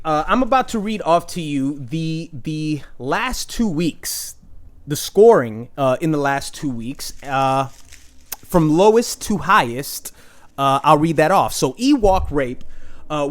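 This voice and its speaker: A man's voice: a little high, sing-song, takes it slowly. A young man hosting a casual fantasy football recap, rambling with frequent restarts and crude jokes. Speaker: fantasy football league host. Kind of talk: casual trash-talking recap.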